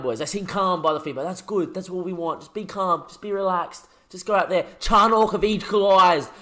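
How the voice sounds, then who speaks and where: A man, commentating his own football management game as a let's play, shouting when goals go in. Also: medium pitch. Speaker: gaming YouTuber.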